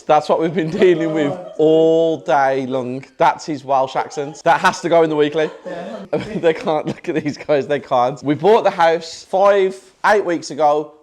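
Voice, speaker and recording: A British man chatting casually in a vlog, upbeat and joking, talking in quick bursts. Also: a little high. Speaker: property investor vlogger.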